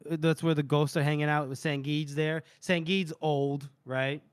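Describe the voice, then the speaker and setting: A man's voice: on the high side, steady tone, measured pace, clean tone, dry recording, studio quality. A man co-hosting a casual book podcast, retelling a chapter's scenes and briefly voicing the characters' lines as he goes. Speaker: podcast co-host.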